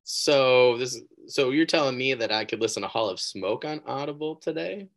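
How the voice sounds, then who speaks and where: A man hosting a podcast interview, upbeat and chatty, with quick reactions and rambling asides. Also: medium pitch, lively intonation. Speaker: podcast host. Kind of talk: casual interview chat.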